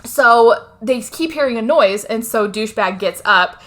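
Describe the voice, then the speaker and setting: Podcast co-host, woman, slightly high voice, casual, blunt, sarcastic, swears freely. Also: lively intonation, a little slow, fairly bright tone. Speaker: podcast co-host recapping a film. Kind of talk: casual chat.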